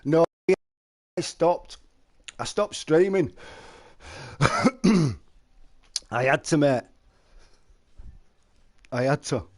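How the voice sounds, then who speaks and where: A man's voice: on the high side, animated, extremely slow, pauses often, a little mellow. A middle-aged man, chatting casually to viewers on a live stream and telling stories. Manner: chatty, storytelling, calls listeners mate.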